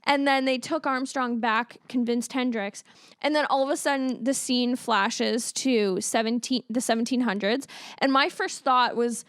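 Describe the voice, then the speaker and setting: A woman co-hosting a casual movie review podcast, telling stories with animated quoted reactions and free swearing. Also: fairly high pitch, a little slow, clear, resonant tone, no echo, studio quality. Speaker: podcast co-host.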